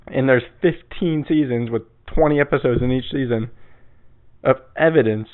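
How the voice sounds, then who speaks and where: A man's voice: mid-range voice, normal speed. Young male podcaster, casual rambling monologue, cussing, tinny phone-like sound. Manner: rambling, profane, laughs at himself. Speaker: podcast host.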